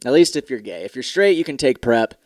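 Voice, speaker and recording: This is a man hosting a casual solo podcast, his talk candid, rambling and peppered with profanity. His pitch sits mid-range. The sound is close and dry, with no room around it. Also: very animated, a little fast, no room sound. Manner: candid, profane, rambling with mock commercial voices. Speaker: podcast host.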